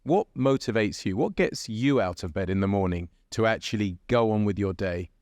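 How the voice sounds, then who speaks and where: A man hosting a casual podcast interview, asking questions in a relaxed, conversational way. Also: lowish voice, normal speed, no echo, clean studio sound. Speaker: host, head of brokerage.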